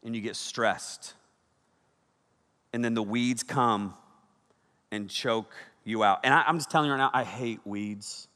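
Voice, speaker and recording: A man in his thirties preaching a sermon, telling stories with energy that swings from loud bursts to hushed, serious points. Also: on the low side. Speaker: pastor. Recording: long hall reverb.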